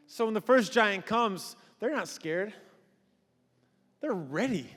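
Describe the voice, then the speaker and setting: A male pastor with a high-pitched voice tells a sermon story with animated flair. He acts out the characters as he goes. His voice rings with long reverb in a church hall. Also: takes it slowly, pauses often.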